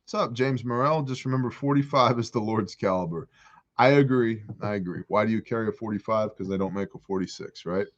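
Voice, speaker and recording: A man's voice: on the low side, fast talker, hardly any pauses, muffled recording. Joking man hosting a porch livestream. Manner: joking, animated, reads chat aloud. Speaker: livestream host answering viewer questions. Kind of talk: casual livestream chat reading comments. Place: outdoors on a porch.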